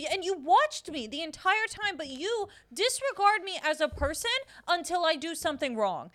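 Woman, young, podcast co-host, high voice, bright tone, blunt profane rant. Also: sing-song, normal speed, hardly any pauses. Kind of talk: casual chat.

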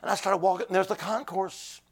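A man preaching as an evangelist in a church, shouting in rhythmic bursts and breaking into tongues. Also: high-pitched, fairly even intonation, fairly quick, slightly rough. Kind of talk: sermon. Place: church with a keyboard player.

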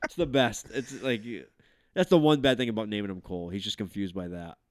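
In a clean, dry studio recording with no room sound, a man in his thirties hosts a podcast and spins rambling family tales. He's an animated storyteller who swears and uses plenty of fillers, speaking briskly in a lowish voice.

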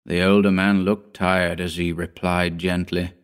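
A man with a deep, low voice narrates a pulp story as an audiobook. His telling is measured and dramatic, building steadily through long descriptive sentences. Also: flat delivery, clear, resonant tone.

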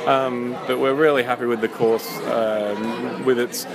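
A man's voice: medium pitch, little pitch movement, measured pace, vocal fry. A man chatting enthusiastically about his parkrun course, interviewed in a busy cafe. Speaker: parkrun event organiser. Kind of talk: casual outdoor interview. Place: busy cafe outdoors after a run. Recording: crowd chatter behind.

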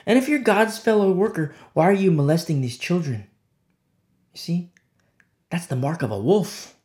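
Man preaching with emphatic sermon swings. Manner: emphatic, swinging from low hushed lines to sharp high exclamations. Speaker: pastor.

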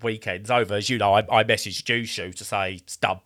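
A man's voice: lowish voice, steady tone, brisk, fairly bright tone. Man telling a rambling story. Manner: rambling, acts out quoted voices. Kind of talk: casual storytelling.

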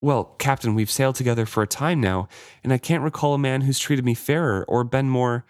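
A man's voice: mid-range voice, a little fast, no echo, close to an everyday voice. Devoted scarred first mate read by a man, dry close voice, plain read-aloud delivery.

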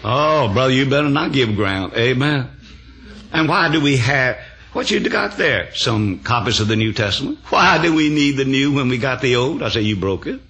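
Bright-voiced older man preaching folksy sermon. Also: medium pitch, lively intonation, moderate pace. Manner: folksy, emphatic, punctuated with amens and laughter. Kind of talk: sermon storytelling.

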